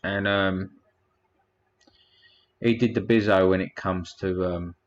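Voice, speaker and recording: Low-voiced guy rambling on his stream, swearing a bit, thanking chat, muffled lo-fi sound. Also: fairly even intonation, slow. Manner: rambling, crude, reads out chat comments. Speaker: livestream host. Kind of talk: casual livestream chat.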